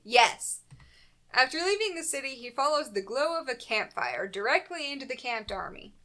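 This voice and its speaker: A woman's voice: high voice, very animated, moderate pace, pushed and bright. A woman co-hosting a comics podcast, reading plot recaps with dry, sarcastic asides and frequent laughter. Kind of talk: casual comedic recap, reads summary then riffs.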